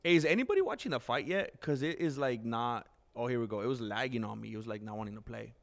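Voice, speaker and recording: A man's voice: medium pitch, animated, fast talker, gravelly. A man hosting a casual live stream, chatting loosely to his viewers, calling them "bro" and laughing often. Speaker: livestream host.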